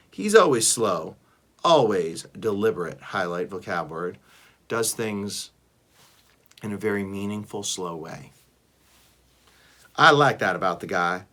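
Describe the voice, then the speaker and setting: A man, a teacher, reading a first-person animal novel aloud with expressive delivery. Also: lowish voice, measured pace, long pauses. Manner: expressive, shifts between voices.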